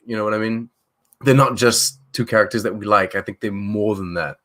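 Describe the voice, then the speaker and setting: A man's voice: fairly low pitch, steady tone, brisk, a bit bright. A man co-hosting a casual live-stream chat, teasing and easygoing, with plenty of "like" and "you know". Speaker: co-host.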